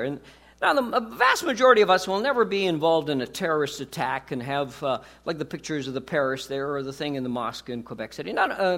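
A man's voice: a little high, fairly bright tone. A man preaching a sermon as pastor, talking conversationally with rhetorical questions and jokes.

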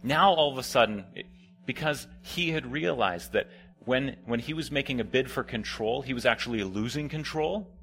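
Bright-voiced man preaching conversationally. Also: medium pitch, expressive, moderate pace, creaky. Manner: conversational, drops to quiet near-whispers for quoted lines. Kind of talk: sermon with storytelling.

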